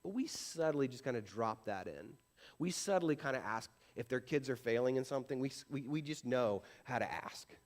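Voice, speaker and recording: A man preaching in a church, talking to his congregation in a casual, conversational way. He pokes fun at himself and keeps asking rhetorical questions, in a voice of ordinary pitch for a man. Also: expressive, normal speed. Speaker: pastor. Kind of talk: sermon. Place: church sanctuary.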